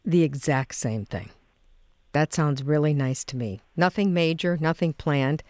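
Low-voiced woman hosting a talk show. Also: measured pace, darkish tone, no room sound. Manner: friendly, asks short questions, laughs along. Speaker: radio talk show host. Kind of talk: casual interview chat.

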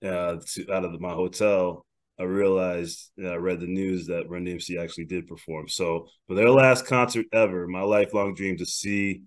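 Male podcast host, slightly low voice, cheerful and chatty. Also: little pitch movement, normal speed. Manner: upbeat, laughs easily, gives shout-outs. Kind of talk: casual podcast chat.

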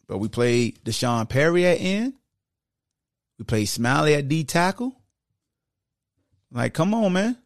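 A man hosting a podcast, breaking down football technique in a casual, animated, slangy coaching manner. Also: a little high, unhurried, pauses often, dry recording, studio quality. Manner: slangy, conversational. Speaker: podcast host.

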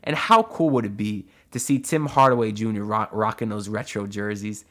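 A man's voice: on the low side, moderate pace, a bit bright. A man hosting his own audio sports podcast, talking loosely and chattily with lots of asides and "uh"s. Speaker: solo sports podcast host. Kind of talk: casual podcast commentary. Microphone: audio-only podcast mic.

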